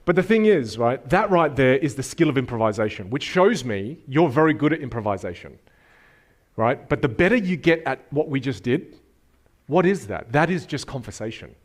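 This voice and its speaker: A man giving a motivational workshop talk to a live audience, animated and emphatic, taking questions from the crowd. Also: mid-range voice, normal speed. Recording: speech over loud background music.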